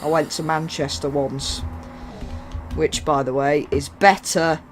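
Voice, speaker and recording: A man's voice: on the high side, flat delivery, unhurried, faint music behind. Jokey rambling man on game commentary. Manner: rambling, jokey, self-mocking. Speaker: gaming YouTuber. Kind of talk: casual gameplay commentary.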